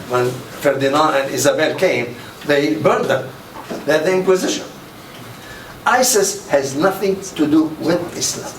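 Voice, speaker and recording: An older man giving a public lecture, telling anecdotes and acting out the quoted dialogue with animation. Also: medium pitch. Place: mosque hall. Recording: roomy, distant mic with faint noise.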